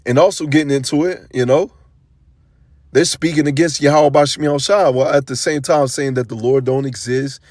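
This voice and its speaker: A man's voice: mid-range voice, steady tone, a little fast, darkish tone, no echo, clean studio sound. A man giving a casual, slang-filled sermon, reading scripture verses aloud and riffing on them conversationally. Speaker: scripture teacher.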